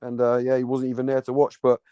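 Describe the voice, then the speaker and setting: A man's voice: medium pitch, monotone, quick pace, smooth, no room sound, highs cut off. A man, a football captain telling stories in a rambling, slangy way as a podcast guest. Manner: rambling, repeats words, slangy banter. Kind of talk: casual storytelling chat. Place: podcast recording.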